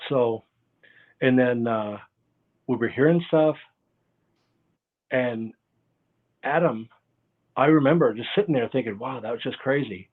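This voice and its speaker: A man talks through his stories as a guest, circling back and losing his thread as he goes. His voice sits at an everyday middle pitch. It comes through thin and tinny, like a phone line on a video call. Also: unhurried, pauses often. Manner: rambling, loses his train of thought. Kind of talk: casual interview storytelling.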